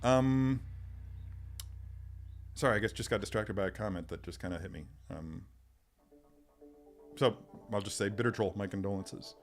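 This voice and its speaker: A man's voice: on the low side, normal speed, pauses often. Chatty man thinking aloud on a stream. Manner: reads out and answers viewer comments. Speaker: live stream host. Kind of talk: casual live-stream chat while unboxing. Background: faint sci-fi music.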